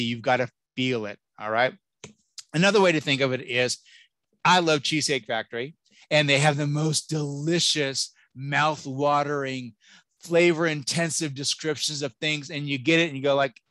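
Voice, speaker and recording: Animated, jokey man giving a talk. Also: a little high, dry recording. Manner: lively, jokey, exclamatory. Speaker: college admissions keynote speaker. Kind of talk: animated presentation with audience Q&A.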